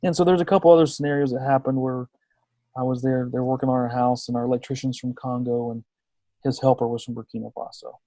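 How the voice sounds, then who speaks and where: A man's voice: medium pitch, fast, no room sound. A man in his thirties, a podcast guest telling a personal story in conversation, acting out the people he quotes. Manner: lively storyteller who acts out quoted dialogue.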